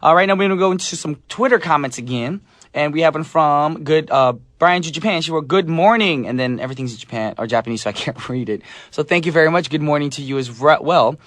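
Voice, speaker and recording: A man's voice: on the high side, fast, a bit bright, no room sound. A man hosting a casual radio show in a studio, upbeat and jokey, reading out listener messages and chatting with his guest. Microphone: studio microphone.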